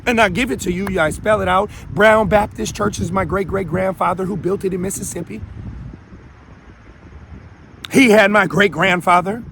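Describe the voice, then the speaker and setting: A man's voice: high voice, vocal fry, fairly bright tone, slight background noise. A man in his thirties from Minneapolis, hosting his own show in a brash, confrontational unscripted monologue with stammering restarts. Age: 30s. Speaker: show host.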